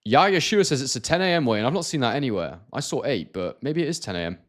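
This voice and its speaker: A man's voice: medium pitch, lively intonation, fast talker, fairly bright tone. A man from Scotland hosting a casual live stream, reading out viewer comments and talking with many hesitations and restarts.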